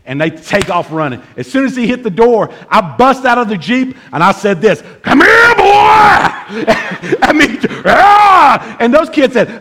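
A middle-aged man preaching a sermon, telling a comic story with animated shouts and laughs before moving into his teaching. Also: sits high. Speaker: pastor.

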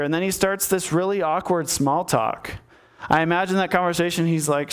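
A man's voice: high-pitched, fairly even intonation, a little fast, clean tone. A man giving a sermon in a conversational storytelling manner, talking to his listeners directly. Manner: conversational storytelling, acts out the characters. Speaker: preacher.

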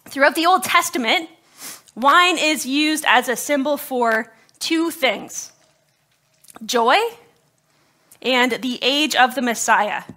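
A woman preaching to her congregation in a bright, fairly high voice with a touch of scratchiness in her throat. She keeps the sermon conversational, tossing in quick jokes and asides to the people in front of her. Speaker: pastor. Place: church service before a congregation.

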